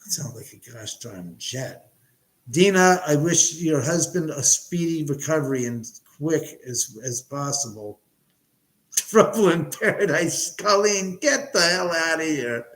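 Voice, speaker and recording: Loud, joking man hosting a live stream. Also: a little high, animated, measured pace, low-quality recording. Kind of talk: casual live-stream chat. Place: home.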